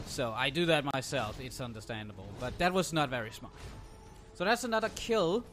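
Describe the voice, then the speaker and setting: A man's voice: fairly high pitch, animated, normal speed, a bit bright, faint music behind. Sarcastic young man ranting over gameplay. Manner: sarcastic, ranting, swears freely. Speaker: gameplay commentator. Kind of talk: casual game commentary.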